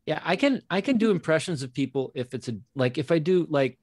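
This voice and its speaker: A man's voice: fairly high pitch, lively intonation, a little fast, darkish tone, dry recording. A man, an actor and guest player, chatting casually after a tabletop game, rambling and thinking aloud.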